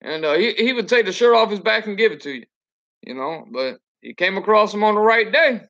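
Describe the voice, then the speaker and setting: A high-voiced, bright-sounding man, a trucker, vents bluntly and cusses freely while chatting on a home stream. His voice comes through a computer webcam and sounds muffled and lo-fi. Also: lively intonation, fairly quick. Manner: blunt and profane, ranting. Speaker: truck driver. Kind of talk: casual livestream chat.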